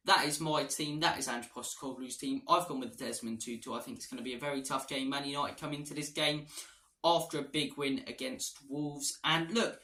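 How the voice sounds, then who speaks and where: A man's voice: mid-range voice, pushed and bright, echoey room. A man hosting a football fan channel, giving a casual match preview in a blunt, opinionated way and correcting himself as he thinks aloud.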